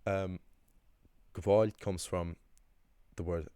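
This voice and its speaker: A man's voice: sits low, fairly even intonation, drawn-out words, dark tone, clean tone, dry recording, clean studio sound. A man teaching a casual language lesson, chatty and rambling, with frequent ums and restarts.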